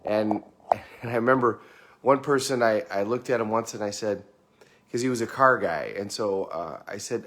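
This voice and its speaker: A man's voice: fairly low pitch, moderate pace, a bit bright. A middle-aged man giving a conversational motivational talk, often repeating words as he goes. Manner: conversational, repeats words, acts out quoted clients. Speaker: motivational speaker.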